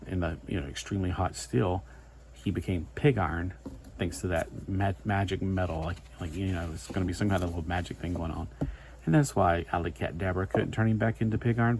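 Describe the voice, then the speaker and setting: A man's voice: low-pitched, gravelly, darkish tone, a little hiss or hum. A man giving a casual, rambling comic book review, full of chatty asides and filler words.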